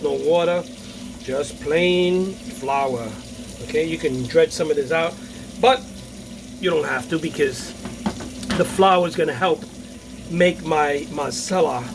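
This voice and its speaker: A man hosting a casual home cooking demonstration, talking the viewer through each step with many fillers and okays. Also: a little high. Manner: chatty, repeats himself, many fillers and okays. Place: home kitchen with sizzling pan and running water. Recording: noisy kitchen with sizzling pan. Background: frying sizzle and running water.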